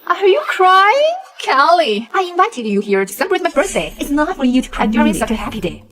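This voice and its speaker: A woman's voice: fairly high pitch, sing-song, quick pace, a crowd in the background. A woman voicing a cruel, spoiled young rich woman who taunts and mocks in a dubbed drama. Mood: gloating. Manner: taunting, mocking.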